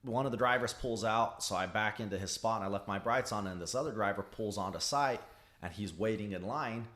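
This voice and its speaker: A young man tells a work story loosely and profanely, his voice sitting on the low side. He jumps into the voices of the people he quotes. It is relaxed podcast chat. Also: fairly quick. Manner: profane, animated storyteller who acts out quotes. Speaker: podcast guest. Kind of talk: casual storytelling.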